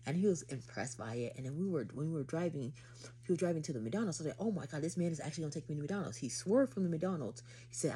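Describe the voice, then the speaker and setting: A woman from Haiti with a low voice tells a storytime vlog straight to camera. She talks casually, full of slang, and plays up the drama of each moment. A faint hiss of noise sits under the voice. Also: mellow. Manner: dramatic, chatty retelling with slang. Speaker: vlogger.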